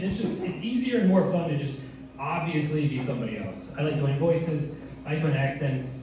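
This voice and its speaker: A young man performing a stand-up comedy set in a loose, playful way, slipping in quick put-on voices. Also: on the high side, expressive. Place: comedy club stage with audience laughter. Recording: roomy, distant club recording with loud room noise.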